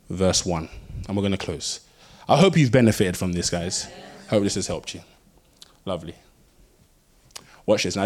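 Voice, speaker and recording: Lively pastor preaching. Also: male voice, fairly low pitch. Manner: lively storytelling with emphatic repeated phrases. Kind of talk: sermon.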